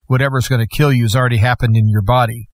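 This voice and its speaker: A man's voice: mid-range voice, steady tone, rapid-fire, no echo. A middle-aged man, a guest host, telling a personal testimony in a plainspoken, conversational way with folksy asides.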